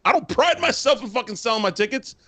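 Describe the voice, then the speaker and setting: A heated man co-hosts a fan podcast, his voice jumping around in pitch as he vents. The sound is dry and close, with no room around it, and his ranting is loose and full of swearing. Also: lively intonation, quick pace, sharp tone, no room sound. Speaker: podcast co-host. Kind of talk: casual podcast chat.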